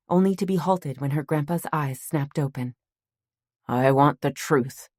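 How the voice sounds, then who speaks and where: A woman with a low voice reads an audiobook calmly and at an even, measured pace. The recording is close and dry, with no sound of the room. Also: dry recording. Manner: calm, measured storytelling. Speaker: audiobook narrator. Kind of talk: scripted narration.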